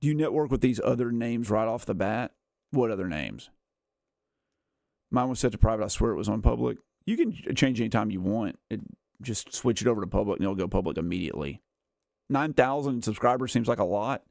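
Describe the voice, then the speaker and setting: Rambling low-voiced streamer guy. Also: lively intonation, fairly quick, creaky, a little mellow, no room sound, studio quality. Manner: rambling, filler-heavy, says "like" and "uh" a lot; chuckles often while talking. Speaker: gaming streamer. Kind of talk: casual livestream chat.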